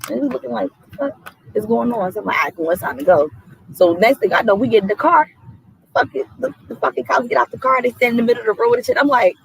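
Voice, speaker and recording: A man in a casual podcast chat, telling an anecdote in relaxed slang with laughs. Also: very high-pitched, quick pace, creaky, slight background noise, rough recording.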